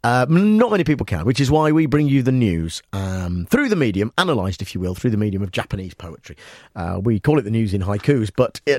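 A man's voice: on the low side, a little mellow, dry recording, studio quality. A man hosting a comic radio show, rambling through the news with fillers and jokes. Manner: rambling, jokey, many fillers. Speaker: radio presenter.

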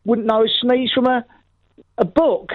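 A man's voice: extremely high pitch, steady tone, a little slow, dry recording. A man doing a proud, grumbling cleaner, blunt and indignant, tripping over his words. He comes through a muffled phone line that sounds dull and lo-fi, with a dry, close sound. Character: proud grumbling London working-class male cleaner. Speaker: caller. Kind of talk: comic radio phone-in sketch.

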